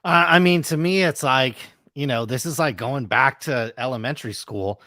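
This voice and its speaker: A man's voice: medium pitch, moderate pace, pushed and bright, dry recording, clean studio sound. A man co-hosting a live show, arguing in an exasperated way with lots of "you know" and "like". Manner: exasperated, argumentative, many fillers. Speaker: podcast co-host. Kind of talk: live-stream discussion.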